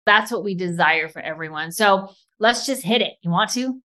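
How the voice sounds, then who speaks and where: Animated fast-talking woman podcaster. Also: medium pitch. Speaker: podcast co-host. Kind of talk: casual podcast chat.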